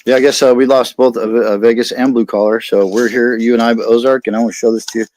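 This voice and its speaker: A man's voice: medium pitch, flat delivery, fast talker, darkish tone, a little hiss or hum. A man with an American accent hosting a casual livestream chat, rambling and reading viewer comments aloud. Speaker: livestream host.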